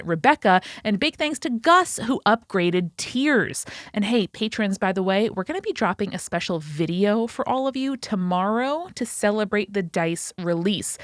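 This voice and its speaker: A woman hosting a podcast, reading sponsor news and announcements in an excited, slightly breathless way. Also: fairly low pitch, dry recording, studio quality. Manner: excited, fast, a little out of breath. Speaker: podcast host. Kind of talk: upbeat sponsor and announcements read.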